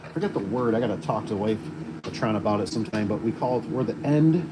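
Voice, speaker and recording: A man's voice: lowish voice, lively intonation, fast. A man who installs garage doors, chatting casually and rambling with lots of fillers while he works with tools on a job site. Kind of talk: casual work vlog chat. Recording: work-site background noise with vehicles.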